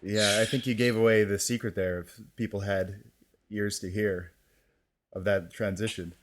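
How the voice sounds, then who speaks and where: A man co-hosting a podcast in casual chat, relaxed and searching for words as he speaks. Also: lowish voice, normal speed, noisy background. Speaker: podcast co-host.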